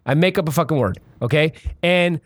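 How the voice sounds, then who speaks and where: A man's voice: fairly high pitch, a little fast, no room sound. A man in a casual podcast argument, swearing a lot and restarting his sentences as he pushes his point. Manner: profane, animated, stammering restarts. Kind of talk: casual debate chat.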